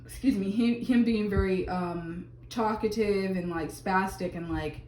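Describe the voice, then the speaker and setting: A woman's voice: medium pitch, measured pace, dark tone, reverberant, a little hiss or hum. Chatty woman reading tarot. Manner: chatty, lots of fillers and exclamations. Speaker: tarot reader. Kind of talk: casual tarot reading to camera.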